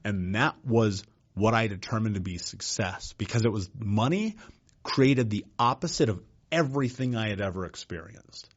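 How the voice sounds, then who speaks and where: A man's voice: on the low side, moderate pace, highs cut off. A man as a podcast guest, telling his life story in a blunt, casual way with frequent swearing and "dude.". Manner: blunt, profane, says "dude" often.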